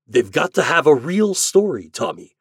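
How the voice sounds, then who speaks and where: A man voicing a scheming, chubby male propaganda chief in an audiobook story, pushy and persuasive, pitched a little higher than his narration. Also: very animated, moderate pace, breathy edge, no room sound, clean studio sound. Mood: persuading.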